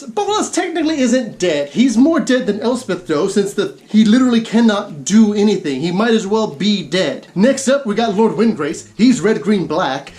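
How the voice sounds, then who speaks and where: A woman's voice: medium pitch, darkish tone. Ranting woman, sarcastic and emphatic. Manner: exasperated, emphatic, sarcastic, with quick laughs. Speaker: gaming video host. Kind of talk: comedic rant commentary.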